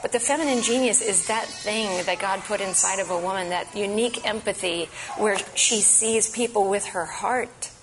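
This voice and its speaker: A woman's voice: mid-range voice, moderate pace, few pauses, music in the background, poor audio. A woman giving an impassioned, emphatic advocacy talk at a church event. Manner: earnest, emphatic, urgent.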